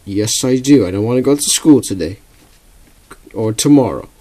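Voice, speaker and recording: A man's voice: fairly low pitch, lively intonation, mellow. A young man voicing a lazy, whiny sick boy in a comic-book story. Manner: whiny, quick.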